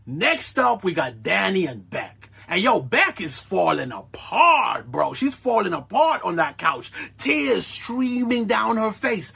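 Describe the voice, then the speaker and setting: A man giving casual, animated recap commentary on a reality show, full of slang and laughing asides. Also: high-pitched, unhurried, vocal fry, hardly any pauses, slightly rough. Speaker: reaction vlogger.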